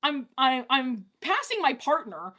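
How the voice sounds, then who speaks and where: Animated high-voiced woman telling a story. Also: unhurried, slight background noise. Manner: animated, laughs often, many fillers and restarts. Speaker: streamer guest telling a story. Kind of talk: casual storytelling chat. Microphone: streaming mic.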